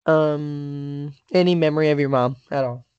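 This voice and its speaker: A woman's voice: sits low, steady tone, moderate pace, a little mellow, clear, resonant tone. Joking young woman on a muffled call. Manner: jokey, spins silly hypotheticals. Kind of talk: casual chat. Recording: dull lo-fi call line.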